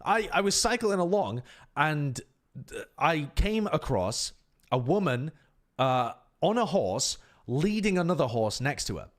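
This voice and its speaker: A streamer from the United Kingdom tells an animated, exasperated casual story, voicing the people in it. His voice is fairly high and his pace a little slow.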